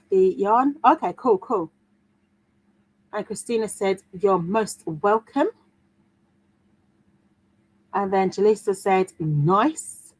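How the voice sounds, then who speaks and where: A woman's voice: medium pitch, a little mellow, rough recording. An adult woman from the UK hosting a crafting livestream, chatting casually and reading out viewer comments with plenty of fillers and restarts. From United Kingdom. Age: adult, mother of a daughter. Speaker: livestream host.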